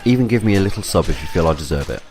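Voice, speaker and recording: A man reading a scripted game review voice-over in a measured, even way. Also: low voice.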